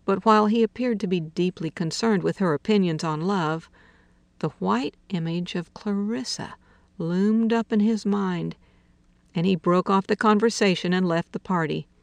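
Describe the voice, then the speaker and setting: A woman reading a literary short story aloud in a slow, measured way, dropping to a hush for quiet dialogue. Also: medium pitch, creaky, no echo. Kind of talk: audiobook narration of literary fiction.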